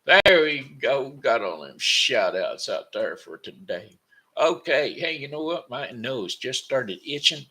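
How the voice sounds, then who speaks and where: A man's voice: mid-range voice, big pitch swings, measured pace, sharp tone. A tired man hosting his own daily broadcast from home, rambling, repeating words and correcting himself. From Missouri, United States. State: tired, sleepy. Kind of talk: rambling casual monologue.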